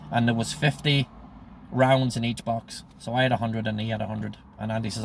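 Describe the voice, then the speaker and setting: A man in his sixties tells an old story in a loose, rambling way, stacking up quoted lines. His voice is gravelly and fairly flat in pitch, and a faint hum of traffic sits in the background. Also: quick pace. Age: 60s. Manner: rambling retelling, quoting others with repeated "he says", "he goes". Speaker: vlogger telling his life story. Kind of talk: casual spoken storytelling.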